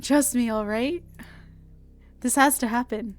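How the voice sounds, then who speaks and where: A woman voicing a gentle, dying young male huntsman in her own soft, calm, reassuring voice. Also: fairly high pitch, measured pace, dry recording, close to an everyday voice.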